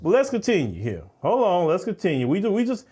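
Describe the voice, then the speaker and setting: A man giving heated reaction commentary, lecturing and indignant, swinging between sharp exclamations and low, dismissive asides. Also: huge pitch swings, brisk, husky.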